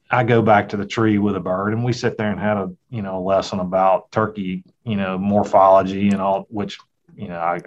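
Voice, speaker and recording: A middle-aged man, a hunter and father, telling a folksy, reflective story in a casual conversation. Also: low-pitched. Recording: dull, lo-fi sound.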